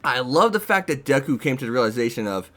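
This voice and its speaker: A man giving a casual, excited, rambling review of an anime episode, laughing often. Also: medium pitch, quick pace.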